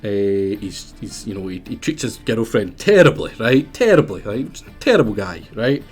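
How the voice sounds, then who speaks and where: A man's voice: fairly low pitch, very animated, normal speed, breathy edge, soft background music. A young Scottish man with a Scottish accent, chatting in a joking, mocking, sweary way while streaming a game. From Scotland. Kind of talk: casual gaming stream chat.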